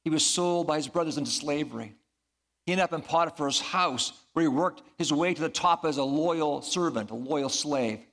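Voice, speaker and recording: A man's voice: on the high side, fairly bright tone. A man preaching a sermon as a pastor, earnest and building to emphatic peaks.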